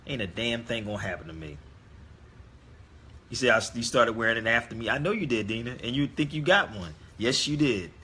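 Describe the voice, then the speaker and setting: Forceful husky-voiced man telling a story. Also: medium pitch, lively intonation, brisk. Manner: emphatic, addresses listeners directly. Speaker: online talk host. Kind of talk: casual storytelling monologue.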